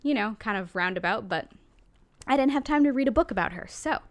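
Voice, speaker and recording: A woman's voice: on the high side, animated, a little fast. Woman, chatty podcast co-host. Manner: chatty, frequent ums and self-corrections. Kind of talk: casual chat.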